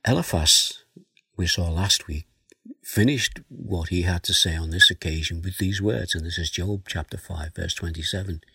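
A man giving a slow, earnest Bible teaching sermon, reading verses aloud and then explaining them. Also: low voice, creaky, sharp tone, husky, no room sound, studio quality. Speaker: preacher.

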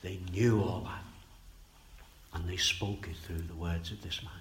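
Emphatic male preacher, low-voiced. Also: fairly even intonation, unhurried, slight background noise. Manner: swings between loud emphatic bursts and quiet low asides. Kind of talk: sermon.

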